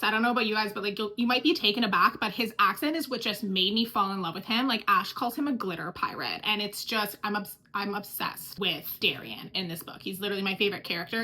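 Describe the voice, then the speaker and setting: A woman's voice: medium pitch, bright, forceful tone. A woman talking casually about books she loves, gushing and emotional, with lots of filler words. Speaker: book reviewer. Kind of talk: casual book recommendation vlog.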